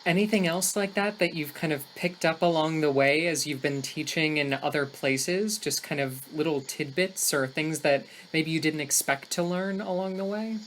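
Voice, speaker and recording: Low-voiced woman hosting an interview. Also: normal speed, hardly any pauses, a little hiss or hum, poor audio. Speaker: podcast host. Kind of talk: interview conversation.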